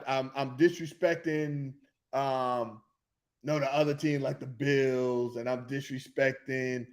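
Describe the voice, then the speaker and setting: A man hosting a sports talk show, rambling and excitable, who keeps losing his train of thought. His voice sits high and swoops widely between highs and lows. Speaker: sports podcast host.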